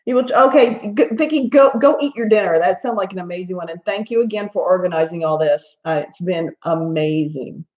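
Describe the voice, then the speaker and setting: Chatting casually while she colors on a livestream, this Southern American host spins stories packed with laughs and side comments. She speaks in a lowish, slightly mellow voice, fairly fast and with few pauses, over slightly muffled lo-fi audio.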